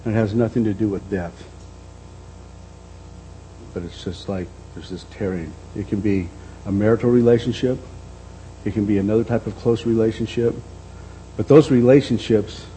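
A middle-aged man preaching a reflective sermon as a pastor, dropping to a soft voice and then lifting it again. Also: fairly low pitch, slight background noise, low-quality recording. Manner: reflective, speaks softly then lifts his voice.

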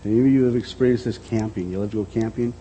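A middle-aged man preaching a reflective sermon as a pastor, dropping to a soft voice and then lifting it again. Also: fairly low pitch, fairly even intonation, fast talker, husky, poor audio. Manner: reflective, speaks softly then lifts his voice.

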